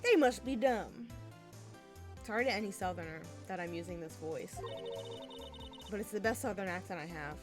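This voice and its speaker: A woman streamer making quiet offhand asides while playing a game. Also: on the low side, fairly quick. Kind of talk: casual let's-play commentary. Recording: game music behind the voice.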